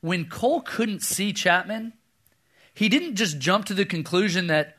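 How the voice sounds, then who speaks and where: Pastor, thirties, man, bright tenor that sits a bit high, lively storytelling sermon. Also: unhurried. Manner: animated storyteller, acts out voices, drops to a hush for quoted lines.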